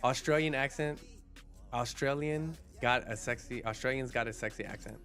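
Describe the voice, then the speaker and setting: A man's voice: medium pitch, moderate pace, creaky, a bit bright, faint music behind. Chatty man live-streaming. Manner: chatty, rambling, restarts and repeats words while answering chat. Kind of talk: casual chat reading viewer comments.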